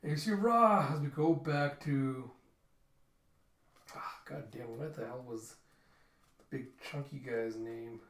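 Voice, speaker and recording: A man hosting a casual comic readthrough, animatedly reading out character lines with shouts and sound effects. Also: medium pitch, takes it slowly, long pauses, reverberant.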